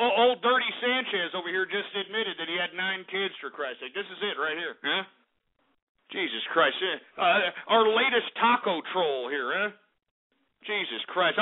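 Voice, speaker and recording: A man hosting a call-in talk radio show, ranting in a combative, profane way. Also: high voice. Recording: tinny phone-like radio audio.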